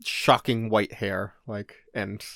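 A man's voice: lowish voice, fairly even intonation, takes it slowly, vocal fry, fairly bright tone, dry recording, studio quality. A man co-hosting a podcast in casual chat, talking loosely, laughing often and reading out listener mail. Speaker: podcast co-host.

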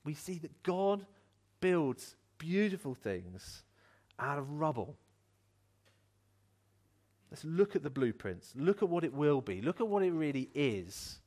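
A man's voice: a little high, slow, pauses often. A man preaching a sermon in an earnest, encouraging way, acting out voices as he tells stories. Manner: animated, acts out voices in a story.

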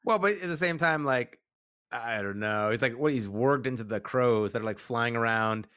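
A man's voice: mid-range voice, normal speed, pushed and bright, smooth, no room sound. Rambling enthusiastic man, dry close sound. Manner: rambling, enthusiastic, many fillers. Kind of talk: casual TV recap chat.

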